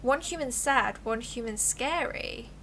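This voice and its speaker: A woman's voice: fairly high pitch, a little slow, fairly bright tone, a little hiss or hum. A woman voicing a timid little male possum who speaks in simple, broken phrases.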